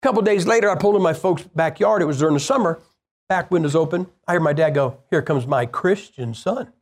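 Speaking fast in a high voice, a man preaches a sermon built around a personal story. His delivery is plain-spoken and conversational, and he keeps firing rhetorical questions at the congregation.

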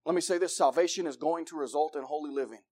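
A man preaching a sermon, swinging from loud excited bursts to hushed low passages and acting out voices as he reads and explains scripture. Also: quick pace. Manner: acts out voices of God and believers.

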